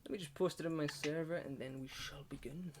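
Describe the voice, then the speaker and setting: A man's voice: a little high, fairly even intonation, brisk. A Scottish man hosting a podcast in laid-back, casual chat and swearing freely. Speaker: podcast host.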